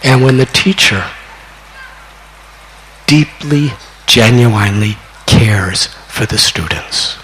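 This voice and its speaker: An older man in his sixties, a spiritual teacher telling a devotional story in a slow, deliberate way that climbs to excited peaks. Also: mid-range voice, a little hiss or hum, rough recording. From United States. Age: 60s.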